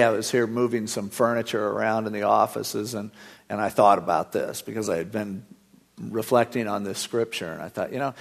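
A middle-aged man preaching a sermon as pastor, telling stories and acting out the dialogue in lively voices. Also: mid-range voice, vocal fry.

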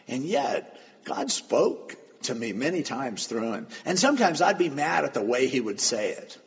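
Gravelly, lively male pastor preaching. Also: a little high. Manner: storytelling, shifting between quiet asides and loud emphatic lines. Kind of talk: sermon. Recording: long hall reverb, dull lo-fi sound.

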